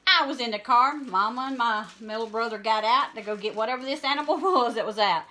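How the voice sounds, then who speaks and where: A woman's voice: a little high, a little fast, sharp tone. A middle-aged woman, a guest cousin telling childhood stories in a folksy, emphatic way. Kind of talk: casual storytelling chat.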